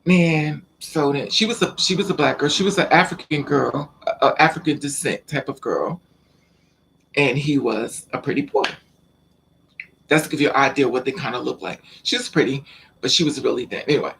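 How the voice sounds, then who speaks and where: A man vlogging, telling a personal story in a casual, animated way, with frequent laughter and slangy exclamations. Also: mid-range voice, vocal fry, a little hiss or hum, rough recording.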